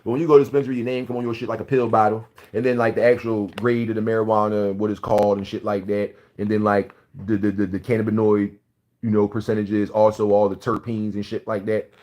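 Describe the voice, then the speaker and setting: A man's voice: fairly low pitch, flat delivery, quick pace, a little mellow. A man in his forties from Philadelphia, with a Philadelphia accent, ranting bluntly and profanely in a casual video monologue. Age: 40s. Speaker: vlogger.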